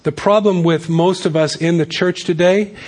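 A man's voice: high-pitched, steady tone, normal speed, darkish tone. A man preaching a sermon as pastor, reading scripture and adding casual, joking asides.

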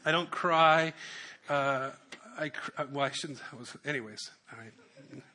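A man's voice: on the high side, measured pace, sharp tone. A male pastor preaching a sermon, joking with asides and repeating his key phrases.

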